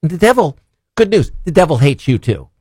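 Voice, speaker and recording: A man preaching a sermon and reading scripture as a broadcast host, earnest and emphatic, asking rhetorical questions and slowing down on key phrases. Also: a little high, big pitch swings, darkish tone, slightly rough, no echo.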